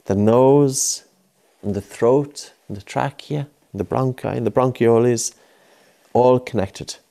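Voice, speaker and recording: A man's slow, dark, mid-range voice with some vocal fry guides a child through breathing exercises. As the instructor, he's patient and coaxing, saying his cues repeatedly.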